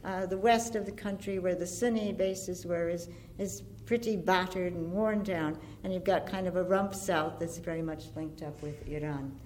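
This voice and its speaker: A woman giving an impassioned antiwar speech, earnest and deliberate, building her points through lists. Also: lowish voice, steady tone, a little mellow, a little hiss or hum. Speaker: antiwar activist speaker.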